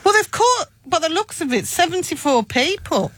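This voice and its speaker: A woman co-hosting a radio show, giggly and lively while reading odd news. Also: extremely high pitch, normal speed, no echo. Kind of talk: casual radio chat.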